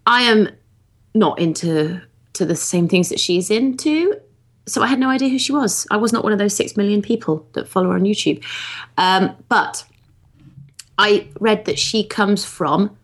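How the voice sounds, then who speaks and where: A woman from a village in southwest England co-hosts a podcast. She talks in a chatty, amused and animated way, at a middle pitch for a woman. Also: moderate pace. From Wiltshire area, England. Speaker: podcast co-host. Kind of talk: casual chat.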